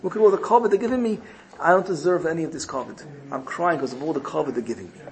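A man's voice: a little high, fast talker, a little hiss or hum, pitched above the performer's own voice, natural voice. A man voicing a humble old rabbi, pleading. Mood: distressed, pleading. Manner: pleading, self-reproaching. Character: elderly humble rabbi, weeping at honor.

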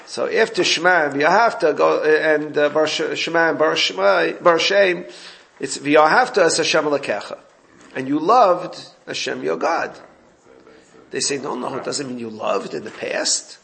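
A man's voice: on the high side, lively intonation, normal speed, vocal fry, a bit bright. A man giving an informal Torah class, explaining a text and recounting exchanges with his students. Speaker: Torah teacher.

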